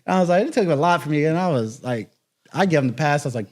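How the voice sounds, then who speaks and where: A man's voice: fairly high pitch, fast. A man co-hosting a casual podcast, telling nightlife stories with plenty of laughter. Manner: animated storytelling with laughter. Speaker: co-host.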